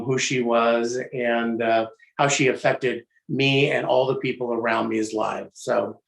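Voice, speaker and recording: A middle-aged man telling a casual personal tribute story on a video call, halting with fillers and restarts. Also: on the high side, echoey room. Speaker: guest sharing a memorial tribute.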